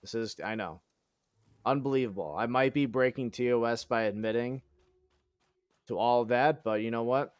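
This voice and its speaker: At medium pitch and a moderate pace, a man speaks smoothly with frequent pauses on a dry recording. While streaming a game he chats casually, sarcastic and mock-boastful, swearing, putting himself down and thinking aloud.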